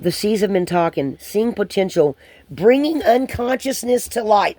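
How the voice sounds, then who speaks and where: A woman giving a channeled spiritual card reading to viewers, hesitant and rambling with many pauses and restarts. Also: mid-range voice, animated, darkish tone, dry recording.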